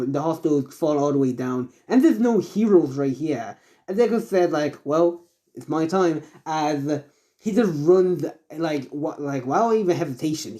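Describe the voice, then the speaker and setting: Rambling mellow male storyteller. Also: a little high. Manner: rambling, many fillers and self-corrections. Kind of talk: improvised fan-fiction narration.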